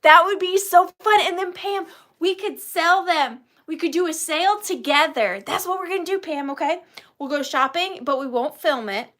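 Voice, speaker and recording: With a very high-pitched, expressive voice at normal speed and a fairly bright tone, a Georgia woman runs a live-stream vintage sale. Chatty and giggly, she rambles cheerfully and talks to her viewers by name.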